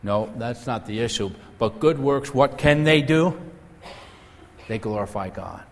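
A man's voice: mid-range voice, lively intonation, measured pace. A male pastor preaching an earnest sermon and telling stories. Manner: earnest preaching, storytelling with acted quotes. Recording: echoey hall, faint noise.

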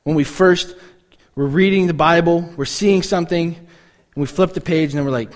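A man delivers a sermon in an easy, conversational way, his voice sitting a little higher than most men's. He often drops into brief imitations of puzzled or grumbling listeners before returning to his teaching. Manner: conversational, acts out listeners' reactions in quick asides. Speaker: pastor.

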